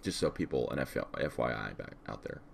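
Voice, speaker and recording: Man, podcast co-host, low voice, lively pitch, vocal fry, profane, scattered. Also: brisk. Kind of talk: casual podcast chat.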